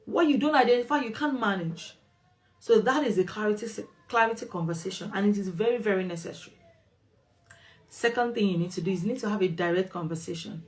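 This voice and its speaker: A woman's voice: on the high side, lively intonation, moderate pace. A woman host talking straight to her viewers with relationship advice, firm and emphatic, repeating phrases for stress. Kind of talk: direct-to-camera advice talk.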